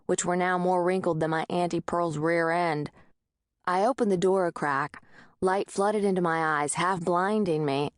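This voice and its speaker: A woman's voice: on the low side, dry recording, studio quality. Wry woman narrating an audiobook. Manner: wry, conversational storytelling. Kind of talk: first-person audiobook narration. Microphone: close studio mic.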